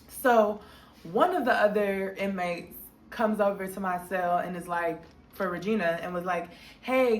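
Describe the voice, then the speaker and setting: Young woman vlogger, casual storytime, slangy and animated, mid pitch, roomy echo. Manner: animated, slangy, acts out quotes in a high voice. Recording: echoey room.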